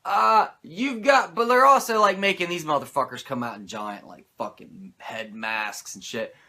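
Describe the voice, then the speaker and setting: A man's voice: on the high side, normal speed, pushed and bright. A male host giving a comedic, profane and sarcastic wrestling recap.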